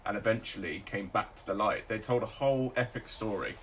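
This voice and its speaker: A man's voice: lowish voice, brisk, a crowd in the background. A man co-hosting a podcast, chatting casually about films and now and then mimicking characters. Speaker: podcast co-host. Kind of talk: casual film discussion. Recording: distant mic with faint noise.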